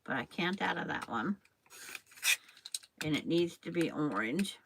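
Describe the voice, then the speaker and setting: An older woman runs a quilting stream, sewing while she rambles casually and talks to viewers by name. Her deep, creaky voice has lively intonation and an unhurried pace, set against heavy background noise.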